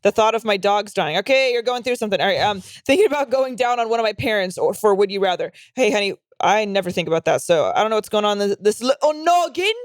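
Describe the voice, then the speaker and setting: A woman's voice: mid-range voice, fast, few pauses, no echo. A young adult woman co-hosting a comedy podcast, chatting casually in a rambling, profane way full of fillers. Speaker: podcast co-host.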